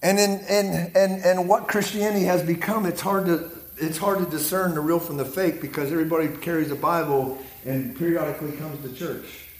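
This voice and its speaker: A man with a Pittsburgh accent preaching to a leadership group, energetic and repetitive, often checking in with his listeners. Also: on the high side, a little fast, hardly any pauses. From Pittsburgh area, Pennsylvania. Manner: energetic, repeats words, checks in with "right?" and "amen?". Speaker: guest preacher. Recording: echoey room with audience responses. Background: audience responses.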